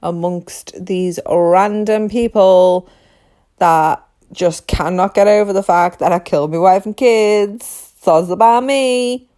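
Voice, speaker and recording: A woman putting on a smug, gloating man sitting in a prison cell, in a slow, mocking voice. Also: mid-range voice, dark tone, close to an everyday voice.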